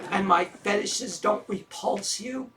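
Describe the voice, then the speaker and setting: A man's voice: high voice, very slow, background noise. An actor in an audio drama playing a self-deprecating man who talks with dry, wry sarcasm. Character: self-deprecating sarcastic middle-aged man, troubled lover.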